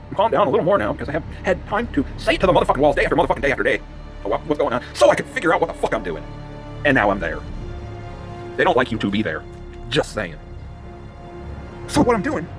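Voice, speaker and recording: A man vents into the camera in a furious, profanity-laced monologue, talking very fast. His pitch leaps around as he loses his thread and circles back. Faint music plays behind him. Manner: agitated, swearing, going off on tangents. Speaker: vlogger. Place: in a vehicle.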